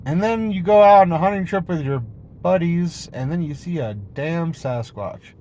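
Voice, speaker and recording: A man's voice: fairly high pitch, expressive, moderate pace, a little mellow, a little hiss or hum. A man rambling playfully in a casual monologue video, jumping between topics and swearing freely. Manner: playful, silly tone. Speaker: vlogger.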